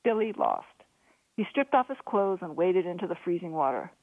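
Female author-narrator, steady storytelling, thin phone-like dry sound. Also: on the low side, normal speed, dry recording. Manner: steady storytelling, lively voices for dialogue. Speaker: author reading her own novel. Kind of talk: audiobook narration.

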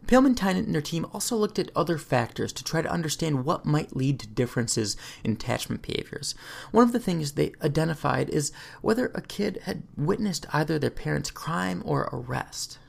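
Podcast narrator, scripted and even, heavy vocal fry. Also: mid-range voice, a little fast.

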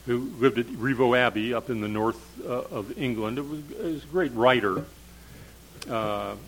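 A man's voice: mid-range voice, moderate pace, low-quality recording. An older man, a professor of English literature, giving a discursive storytelling lecture with frequent fillers.

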